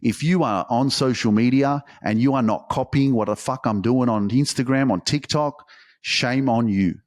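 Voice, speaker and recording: A man's voice: medium pitch, normal speed, a little mellow. Fired-up swearing motivational man. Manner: intense, profane, emphatic. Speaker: podcast host. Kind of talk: motivational monologue.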